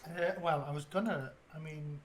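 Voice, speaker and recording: A man's voice: on the high side, fairly even intonation, moderate pace. A man playing a tabletop game, hesitantly describing what his character does. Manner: hesitant, full of fillers. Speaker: player.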